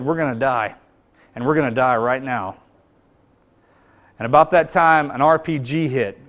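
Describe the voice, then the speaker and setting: A man telling a hard war story with a slightly higher voice than most men. He speaks in a plain, earnest way and often drops to a low, hushed tone. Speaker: combat veteran telling his story. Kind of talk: spoken personal account to an audience.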